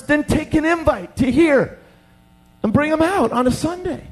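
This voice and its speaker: A young man preaching a sermon, telling stories with lively acted-out voices. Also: very high-pitched, moderate pace. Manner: animated storytelling, acts out voices. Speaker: pastor.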